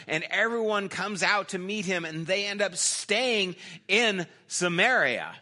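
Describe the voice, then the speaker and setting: Male pastor, sermon, bright tone, slow storytelling delivery. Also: sits high, lively intonation. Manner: storytelling, acts out quoted lines in a dropped, softer voice; conversational, with small restarts.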